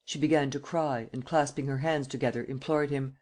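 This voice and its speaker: Measured male audiobook narrator. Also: mid-range voice, steady tone, a little mellow. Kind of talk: scripted narration.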